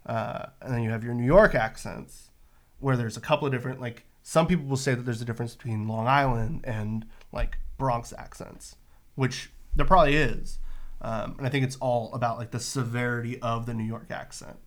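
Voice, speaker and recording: A man with a Bay Area accent, chatting as co-host of a casual podcast. He explains things in a loose, rambling way, full of "uh" and "like". His pitch sits in an ordinary middle range for a man. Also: steady tone, normal speed. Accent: San Francisco Bay Area. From San Francisco Bay Area. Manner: rambling, explains with many fillers and restarts. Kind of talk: casual chat.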